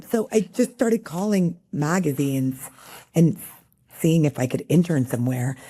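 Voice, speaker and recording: A middle-aged woman from El Paso talks as an interview guest, her voice low-pitched and mellow. She tells stories in a loose, chatty way with lots of fillers. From El Paso, Texas. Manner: chatty, many fillers, quick storytelling. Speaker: guest, magazine editor. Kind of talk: casual interview conversation.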